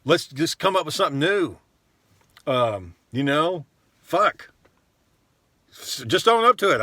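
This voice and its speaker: A blunt man rants on camera, cursing freely and wandering through his points with plenty of ums and uhs. His voice is bright and forward, and the recording is dry and close, with no room sound. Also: fairly high pitch, sing-song, takes it slowly, pauses often, no echo. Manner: blunt, profane, rambling with frequent fillers. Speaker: vlogger. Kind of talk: casual rant to camera.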